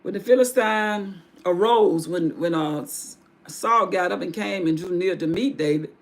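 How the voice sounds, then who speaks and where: Speaking unhurriedly in a fairly low voice, a woman hosting a livestream recounts a Bible story in plain everyday language. She restarts now and then and wanders into asides.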